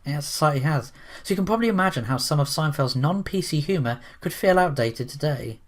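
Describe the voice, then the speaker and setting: A man's voice: on the high side, lively intonation, brisk. A man giving opinionated commentary in a rambling, sarcastic way, full of restarts and asides. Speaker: commentary vlogger.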